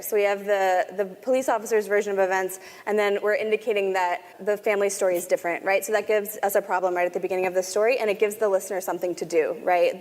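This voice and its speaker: A woman's voice: mid-range voice, darkish tone, in a large hall. A woman podcast producer explaining her craft in a conference talk, often checking in with "right?".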